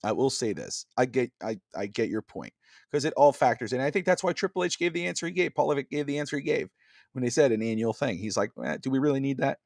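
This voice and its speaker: A man's voice: mid-range voice, sing-song, fast talker, gravelly, dry recording, clean studio sound. A man co-hosting a casual wrestling podcast over a video call, rambling with many fillers and restarts. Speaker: podcast co-host.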